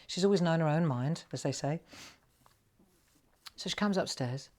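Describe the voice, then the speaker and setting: Painting during a live crafting demonstration from home, a middle-aged woman chats with her audience in a deep, slightly mellow voice at normal speed. She's a chatty, rambling storyteller who laughs often.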